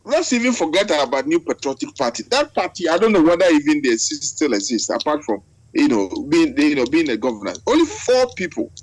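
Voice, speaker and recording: Impassioned high-voiced Ghanaian man. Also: big pitch swings, brisk, dry recording, poor audio. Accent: Ghanaian English. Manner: impassioned, repetitive, keeps addressing the other man. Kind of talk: online video call discussion. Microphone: video call.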